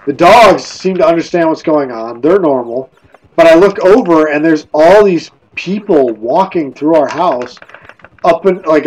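A man's voice: fairly high pitch, a little mellow, rough recording. A man streaming while gaming, drunk, telling a casual rambling ghost story full of restarts.

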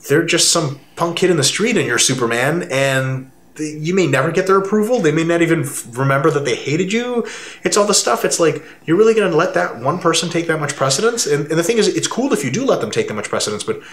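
A man co-hosting a casual fitness talk, speaking emphatically and building his voice up high when he makes a point. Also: fast talker. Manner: animated, emphatic, swings to rising pitch when making a point. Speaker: fitness coach and co-host. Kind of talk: casual conversation. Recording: roomy echo.

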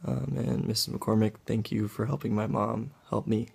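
A man with a strongly gravelly, husky, lowish voice gives a short, soft-spoken greeting. His manner is plain and brief. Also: steady tone, moderate pace. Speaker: son recording a message. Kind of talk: casual video message.

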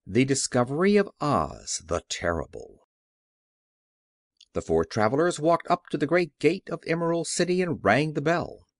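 A man's voice: on the high side, very animated, moderate pace, dry recording, studio quality. A man reading a children's novel aloud as an audiobook narrator, telling the story expressively. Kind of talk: scripted narration.

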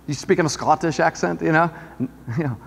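A man with a notably high voice delivers a sermon to his congregation. He talks in a loose, conversational way and keeps turning to the listeners with questions. His words ring out with a long reverb from the church hall. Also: fast, vocal fry. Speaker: pastor. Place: church sanctuary.

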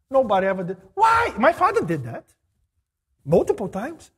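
A middle-aged male pastor preaching a sermon, animated, rising to emphatic exclamations. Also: very high voice, moderate pace, husky.

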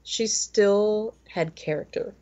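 A woman's voice: mid-range voice, slow pace, mellow, highs cut off. A woman in her forties co-hosting a podcast, telling stories in a rambling, chatty way full of fillers. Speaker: podcast co-host. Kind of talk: casual chat.

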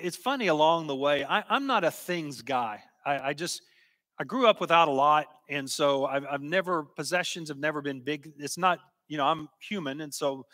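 Bright, high-voiced preacher in a hall. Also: male voice. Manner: earnest, emphatic teaching with rising exhortation. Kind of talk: sermon. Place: church sanctuary. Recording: reverberant church hall.

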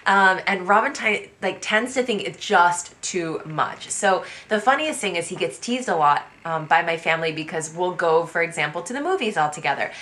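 A woman in her thirties from the USA, talking to camera in an energetic, chatty way about culture shocks. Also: lowish voice, normal speed, few pauses. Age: 30s. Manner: energetic, chatty, quotes people in animated voices. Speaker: vlogger. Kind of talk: casual talk to camera.

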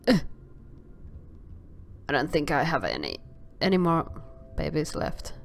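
Slow-talking woman narrating her gameplay. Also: low-pitched, wildly swooping pitch, creaky, soft background music. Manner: exclaims and stammers filler sounds while playing. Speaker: gameplay commentator. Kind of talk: casual game commentary.

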